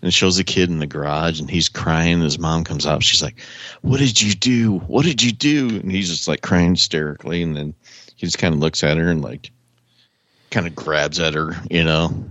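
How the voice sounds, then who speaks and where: Deep-voiced man rambling through a story. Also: brisk, dry recording, dull audio. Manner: rambling animated storytelling with frequent chuckles. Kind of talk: casual chat. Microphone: remote call audio.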